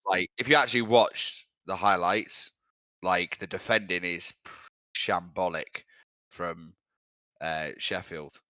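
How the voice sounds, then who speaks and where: Young guy on a footy podcast, lowish voice, blunt and sweary, dry close mic. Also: steady tone, slow, sharp tone, dry recording. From England. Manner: blunt, sweary, rambling fan talk. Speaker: podcast co-host. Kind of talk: casual football chat.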